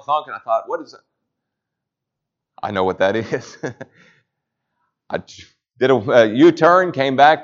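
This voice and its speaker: Emphatic male preacher, dull recording. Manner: emphatic, rising to loud peaks then dropping low. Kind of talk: sermon. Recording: slightly dull lo-fi sound.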